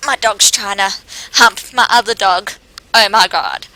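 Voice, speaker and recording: Chatty lady gamer reading quest text, super bright voice, slow and bouncy. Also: mid-range voice, rough recording. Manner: chatty, giggly, drifts between game text and asides. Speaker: game streamer. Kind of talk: casual let's-play commentary and reading quest text aloud.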